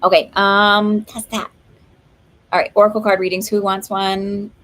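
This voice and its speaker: A woman's voice: medium pitch, level tone, measured pace, a bit bright, low-quality recording. A woman hosting a live stream of oracle card readings, talking in a chatty, rambling way with lots of fillers and laughs. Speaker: psychic medium host.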